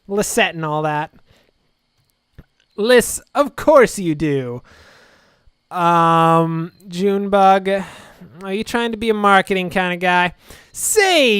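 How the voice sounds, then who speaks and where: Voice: medium pitch, a bit bright, smooth, no room sound, clean studio sound. A video game let's-play host giving casual commentary and reading the dialogue aloud, with sarcastic, wry asides.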